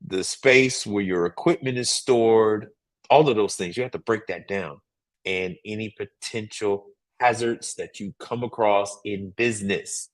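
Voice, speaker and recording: Emphatic man talking business on a livestream. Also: on the low side. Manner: emphatic, repetitive, asks "right?" often. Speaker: livestream host giving business advice. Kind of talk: casual livestream talk.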